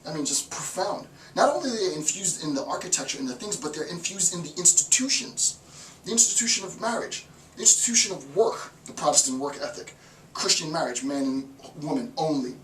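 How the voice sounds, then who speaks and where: Male professor, emphatic animated lecture, somewhat high voice, roomy echo, distant mic. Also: a little fast, a little hiss or hum. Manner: emphatic, repetitive, animated, with laughs. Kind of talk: philosophy lecture.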